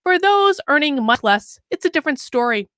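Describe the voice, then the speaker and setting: Sarcastic high-voiced woman commentator. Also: sing-song, normal speed, a bit bright, no room sound, studio quality. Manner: sarcastic, mocking read-aloud with chatty asides. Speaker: political commentary host. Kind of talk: sarcastic commentary reading an article.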